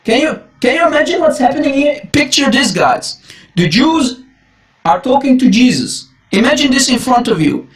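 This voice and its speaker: A man's voice: very high-pitched, sing-song, moderate pace, a bit bright. A man preaching emphatic Bible commentary, repeating his exclamations and calling his listeners guys. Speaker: Christian preacher.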